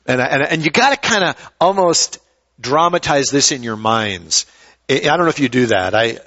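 A man's voice: mid-range voice, fairly bright tone, muffled recording. A man preaching a sermon in a conversational way, often repeating words as he starts a thought. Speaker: pastor.

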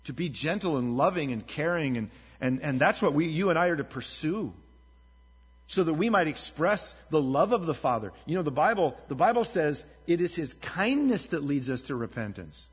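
A man preaching to a congregation in a husky, slightly high voice, earnest and conversational. The sound is dull and lo-fi, with a long reverb trailing off a large hall. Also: lively intonation, normal speed. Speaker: pastor. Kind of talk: sermon.

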